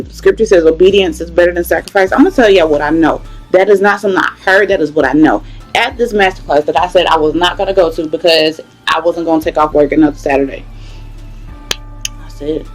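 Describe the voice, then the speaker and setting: A young woman, giving a casual devotional talk, conversational and animated, often calling out to listeners. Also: on the low side, poor audio. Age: young adult. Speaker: devotional host.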